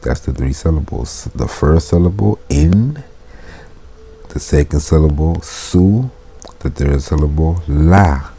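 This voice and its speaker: A man giving a casual Latin lesson. He reads Latin phrases slowly, then explains them in plain, informal English. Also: a bass voice, vocal fry, mellow, husky. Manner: informal, chuckles while explaining. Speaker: Latin teacher.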